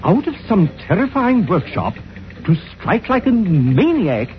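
A man's voice: sits high, sing-song, unhurried. A man narrating a 1940s radio drama in a dramatic, declamatory newsreader style, on a dull old recording.

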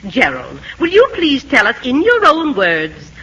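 A prim, strict schoolmistress. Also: female voice, a little high, wildly swooping pitch, measured pace, sharp tone, dull audio, slight background noise, full character voice. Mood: stern. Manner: prim, stern and formal. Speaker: teacher. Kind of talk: 1940s film acting.

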